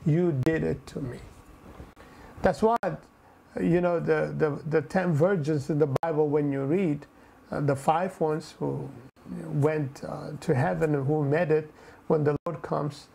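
Man, preacher, mellow warm tone, slightly higher pitch, earnest sermon, repeats himself. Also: steady tone, unhurried, creaky, low-quality recording. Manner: earnest, repeats phrases, frequent "you know" fillers.

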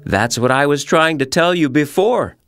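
A man voicing a gentle, kindly big male bear who explains things patiently in a storybook reading. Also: a little high, lively intonation, soft background music. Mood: reassuring. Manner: patient, reassuring, explains slowly.

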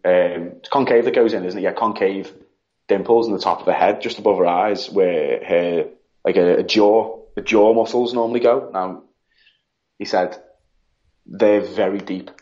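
A man with a lowish voice, grieving as he talks. He rambles as a podcast guest and voices the people in his story. The audio sounds dull and lo-fi. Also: steady tone, moderate pace, a little mellow. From United Kingdom. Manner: rambling, retelling with quoted dialogue. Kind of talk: casual interview chat.

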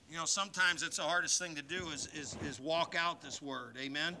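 A male pastor preaching a sermon at a church service, folksy and joking between scripture readings, growing louder and higher when he reads and exhorts. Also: fairly quick, vocal fry, hardly any pauses.

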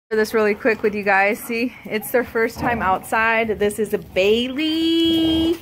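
A woman's voice: on the high side, a little slow, few pauses. A woman chatting casually as she films her dogs outside on a phone, cooing at the puppies in baby talk and laughing often. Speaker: dog owner vlogger. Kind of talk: casual chat. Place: outdoors in a yard. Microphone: handheld phone. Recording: noisy outdoor phone recording.

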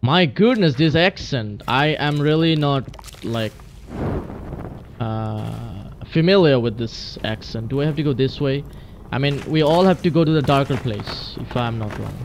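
A man's voice: mid-range voice, animated, a little slow, noisy background. A man hosting a let's play, jumpy and exclaiming as he talks to himself through a horror game. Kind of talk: gaming commentary.

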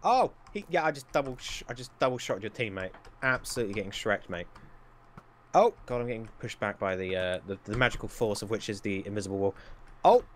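A man's voice: on the low side, quick pace, slight background noise. A young man, trash-talking and joking in casual gaming banter. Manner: teasing, trash-talking, excitable. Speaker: gaming YouTuber.

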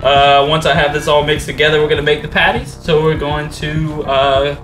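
A man's voice: fairly high pitch, level tone, normal speed. A man co-hosting a casual cooking show, chatting loosely and joking with filler words while he cooks. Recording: echoey room with music behind.

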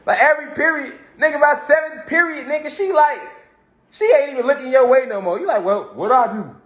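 This spiritual talk host has a very high-pitched, fairly bright voice and a brisk delivery, recorded in an echoey room. His casual monologue motivates listeners on spirituality through street slang and repeated phrases for emphasis.

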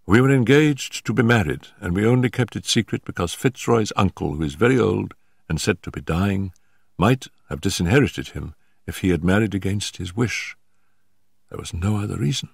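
A man's voice: lowish voice, expressive, moderate pace, gravelly, husky, no room sound, clean studio sound, exaggerated voice. An older man voicing a composed, strong-willed young woman in a story reading, speaking firmly with a slightly raised voice.

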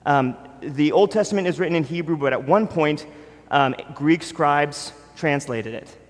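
A man's voice: fairly high pitch, measured pace. A man preaching a sermon as pastor, talking casually with asides and fillers as he explains scripture. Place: church sanctuary. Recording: long church hall reverb.

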